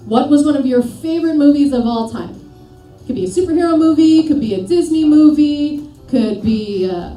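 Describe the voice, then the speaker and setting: A woman working as a performance coach, giving an energetic motivational seminar and pushing the audience with questions and commands. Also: high-pitched. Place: seminar room with a live audience. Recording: echoey room, voice picked up from a distance.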